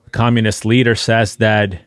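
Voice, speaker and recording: A man's voice: on the low side, flat delivery, normal speed, clear, resonant tone. A man narrating over social media clips in a mocking, indignant tone as a channel host.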